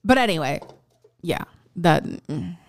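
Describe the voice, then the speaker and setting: Woman co-host, lowish voice, dry close sound, chatty and blunt with casual swearing. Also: takes it slowly, no room sound. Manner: frank and animated, swears casually, trails off with fillers. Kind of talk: casual film discussion.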